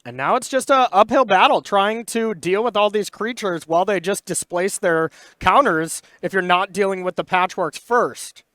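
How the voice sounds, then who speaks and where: A man's voice: sits high, normal speed, few pauses, a bit bright, dry recording. A man commentating a card game match, explaining plays in an analytical way and laughing easily.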